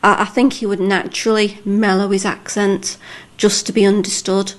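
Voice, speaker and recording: A woman's voice: medium pitch, flat delivery, moderate pace, a little hiss or hum. Chatty Lancashire woman with a Liverpool touch. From Lancashire, England. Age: 40s. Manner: chatty, frank, laughs easily. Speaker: interviewee. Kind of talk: casual chat.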